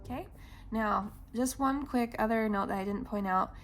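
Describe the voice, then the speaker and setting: A woman's voice: on the high side, normal speed. A woman teaching a piano lesson, explaining the music patiently with frequent ums and counting beats aloud. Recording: piano playing underneath.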